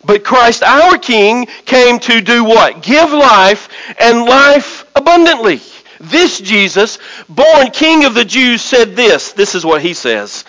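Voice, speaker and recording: A man with a notably high voice preaches a sermon. He hammers his points with rhythmic repetition and slows down for dramatic pauses as he reads scripture. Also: sing-song, bright, forceful tone, low-quality recording. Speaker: pastor.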